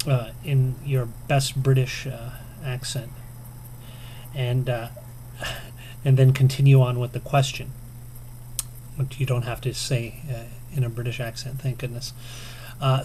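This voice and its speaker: A man's voice: medium pitch, a little mellow, slight background noise. Chatty man rambling with ums. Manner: chatty and self-deprecating, lots of ums and chuckles. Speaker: video game vlogger. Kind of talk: casual to-camera tag response.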